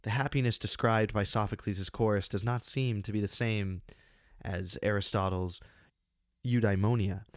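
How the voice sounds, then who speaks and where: A man reading his own essay on a classic play, measured and deliberate, with slow emphatic pauses, close to a studio microphone. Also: lowish voice, fairly even intonation, no room sound. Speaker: channel host giving a literary analysis.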